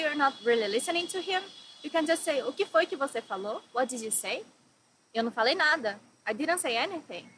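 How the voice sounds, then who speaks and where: A Brazilian woman teaching beginner Portuguese, speaking with a high voice. She slows down to spell out each phrase and repeats it. Her voice rings in an echoey room over a faint hum. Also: fairly bright tone. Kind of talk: bright lesson presentation.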